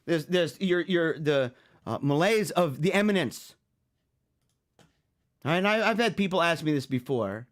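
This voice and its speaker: A man's voice: on the high side, animated, normal speed, long pauses. A man hosting a talk show, talking in a casual, joking monologue and acting out little scenes with frequent chuckles. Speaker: show host.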